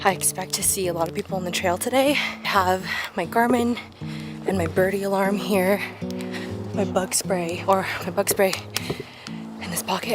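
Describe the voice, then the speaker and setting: This young woman speaks at a moderate pace in a fairly low, fairly even voice as she talks to the camera while hiking a mountain trail. As a vlogger, she's chatty and rambling, full of fillers and "likes." Music and outdoor sounds play behind her in the footage.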